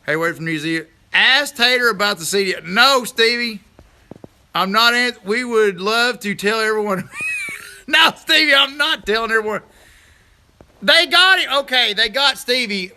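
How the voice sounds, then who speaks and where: A man hosting a casual livestream outdoors, reading viewer comments aloud, rambling and teasing with bursts of loud laughter. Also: high-pitched, expressive, normal speed. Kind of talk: casual live chat.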